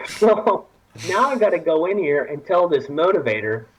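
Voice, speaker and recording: A man's voice: fairly high pitch, sing-song, normal speed, noisy background. A man from Texas telling a war story on a podcast, laughing often and acting out the people he quotes. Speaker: podcast guest. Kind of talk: casual storytelling.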